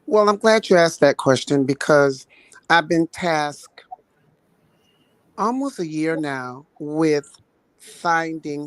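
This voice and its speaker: A woman's voice: sits low, no room sound. A woman health outreach nurse, a guest on a talk show, speaking earnestly over a video call. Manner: earnest, storytelling, voices quoted people.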